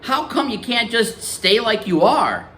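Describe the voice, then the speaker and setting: A man voicing a small, clever boy who talks in a calm, knowing way during a read-aloud. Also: very high-pitched, measured pace, a little hiss or hum, pitched above the performer's own voice, full character voice. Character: small, bright, matter-of-fact boy.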